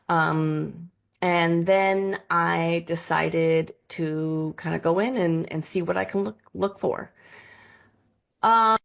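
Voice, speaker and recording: A woman telling her own story to the camera in a vlog, her voice sitting slightly low. She talks in an animated, lively way and keeps slipping into the voices of the people in her story. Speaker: vlogger.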